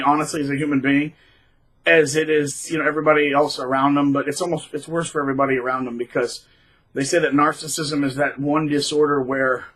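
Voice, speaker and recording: A man talking casually to camera in a rambling, animated way, with frequent restarts. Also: fairly high pitch, low-quality recording. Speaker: middle school teacher, vlogger.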